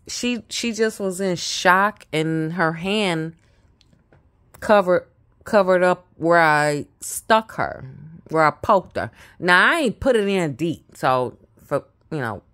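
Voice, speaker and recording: A woman tells a story at an unhurried pace. She stumbles and repeats words, then trails off into quiet mutters before picking the thread back up. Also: deep voice, vocal fry. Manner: halting, repeats herself, drops to mutters. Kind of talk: casual personal storytelling.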